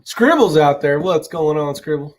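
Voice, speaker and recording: An expressive man with a slightly high voice speaks at a normal speed over background noise while hosting a casual live stream. He chats loosely, welcoming viewers and responding to their comments and questions, rambling and swearing freely.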